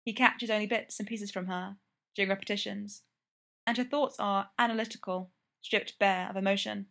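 A woman reads a long story aloud, her voice sitting at a middle pitch. She narrates steadily and evenly, keeping an unhurried storytelling pace. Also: fairly bright tone. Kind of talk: reading fan fiction aloud.

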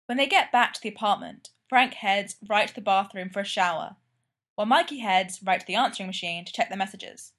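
A woman's voice: mid-range voice, fairly quick, a bit bright. Woman reading a story aloud. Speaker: reader. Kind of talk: fan fiction read aloud.

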